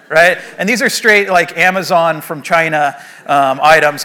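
A man in his thirties or forties gives a conversational sermon. His tone is bright and somewhat high for a man, and he tells stories with frequent fillers and restarts. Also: normal speed. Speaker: pastor.

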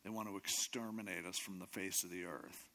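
A man's voice: deep voice, fairly even intonation, a little fast, pushed and bright, voice pushed down. A man playing an earnest young queen. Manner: pleading, then pointedly accusing.

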